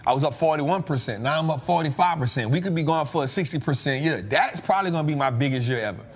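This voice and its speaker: A man's voice: a little high, animated, fast talker. A man hosting a trading show, telling a story in a casual, slangy way and laughing often.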